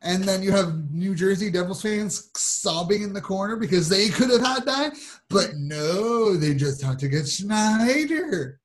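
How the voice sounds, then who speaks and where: A man's voice: sits high, lively intonation, measured pace. A man co-hosting a hockey podcast, blunt and teasing, swearing freely. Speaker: podcast co-host. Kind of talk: casual hockey chat.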